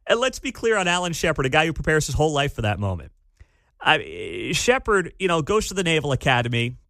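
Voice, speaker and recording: A man's voice: on the high side, bright, forceful tone, dry recording, studio quality. A man hosting talk radio, ranting sarcastically and mocking a clip he plays. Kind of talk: opinionated talk radio commentary.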